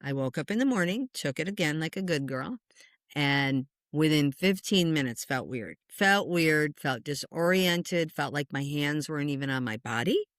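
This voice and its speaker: A woman's voice: low voice, normal speed, no echo, studio quality. Chatty woman in her sixties telling a story. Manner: animated storyteller who acts out quoted voices; chatty, with frequent "you know" and "like". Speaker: spiritual medium guest. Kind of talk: casual storytelling interview.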